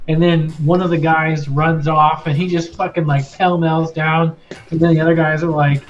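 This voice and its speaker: A man's voice: fairly high pitch, flat delivery, normal speed. A man narrating a tabletop game as game master, talking in a loose, rambling way. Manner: loose and rambling, many fillers. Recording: lo-fi with faint music.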